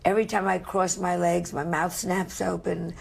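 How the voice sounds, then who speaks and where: A woman's voice: fairly low pitch, level tone, moderate pace, creaky, slightly rough. An older woman with a New York accent, a comedian telling brash, self-mocking stories in an interview. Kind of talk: candid interview storytelling.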